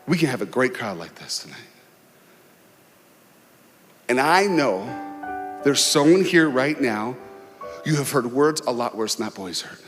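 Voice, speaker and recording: Guy telling a moving story from a stage, voice swoops up and down, big echoey hall, soft music under. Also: medium pitch, animated. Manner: emotional, dramatic storytelling with pauses and swells. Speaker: guest speaker. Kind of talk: inspirational sermon storytelling. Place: large hall before a crowd. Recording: long hall reverb, faint music.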